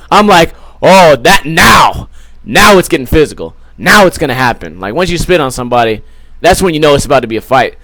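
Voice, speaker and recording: Here a young podcast host with a high, fairly bright voice rambles through a vulgar story laced with swearing. He acts out the quoted people in quick put-on voices. The recording is dry and close, with no room echo.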